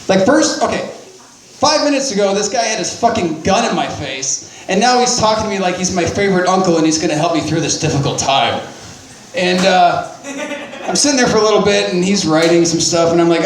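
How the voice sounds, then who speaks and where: A man with a notably high voice spins a rambling, profane story about himself. He laughs at his own mistakes and restarts his sentences often. The sound is roomy and echoey. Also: quick pace. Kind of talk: personal storytelling.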